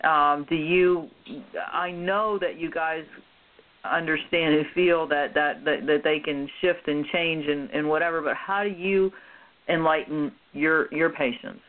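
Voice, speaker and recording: A woman hosting a panel discussion, talking haltingly with many restarts and ums. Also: deep voice, fairly even intonation. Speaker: host. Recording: tinny phone-like line.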